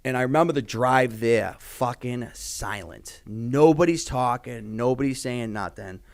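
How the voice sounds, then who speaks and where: A man's voice: mid-range voice, measured pace, vocal fry. Rambling, swearing man. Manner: rambling, heavy swearing, many fillers. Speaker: podcast guest. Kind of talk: casual interview talk.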